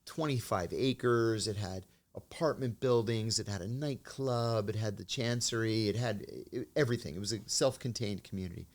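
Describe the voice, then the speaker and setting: A middle-aged man, a former intelligence officer, telling measured anecdotes as an interview guest. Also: lowish voice. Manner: measured anecdotal storytelling, acts out quoted dialogue. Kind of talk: storytelling in an interview.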